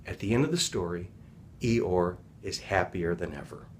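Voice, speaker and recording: A man's voice: low voice, expressive, moderate pace, slight background noise. A man, a healing practitioner, retelling a children's story in a casual, rambling, reflective talk.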